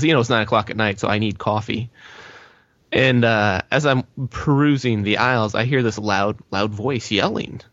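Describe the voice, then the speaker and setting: A man with a fairly low voice recounts a story on a podcast, measured and conversational. The sound is dry, with a dull, lo-fi quality. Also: fairly bright tone, no echo. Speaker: podcast co-host. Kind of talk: casual storytelling chat.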